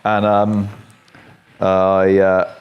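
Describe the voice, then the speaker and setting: This English barber's voice is deep and monotone, and he speaks very slowly, yet he's a chatty, joking storyteller as he cuts his client's hair in the barbershop. The audio is dull.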